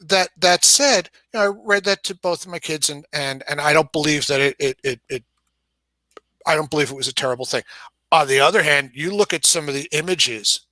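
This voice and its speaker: A man's voice: on the high side, a little fast, pushed and bright, dry recording. A man with a New York accent, talking through his views in a casual discussion, often restarting and repeating words as he thinks. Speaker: game publisher guest.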